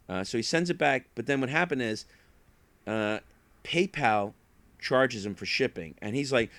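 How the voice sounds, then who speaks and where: A man's voice: mid-range voice, lively intonation, moderate pace, a bit bright, dry recording. A man chatting casually as an online reseller, rambling through stories and acting out what people said. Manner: rambling storyteller who acts out quotes. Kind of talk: casual chat.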